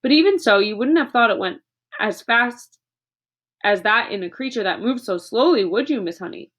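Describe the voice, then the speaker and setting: A woman's voice: on the high side, animated, normal speed, fairly bright tone. A woman reading aloud, voicing an eager, clever young girl who pleads and cries out. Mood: curious.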